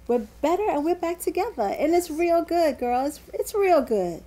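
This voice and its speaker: A high-voiced woman with a lively, swooping delivery, acting out a one-woman comedy skit. She plays every scene herself, talking to partners no one hears, with sassy, dramatic flair. Her voice jumps around a lot as she reacts. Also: normal speed.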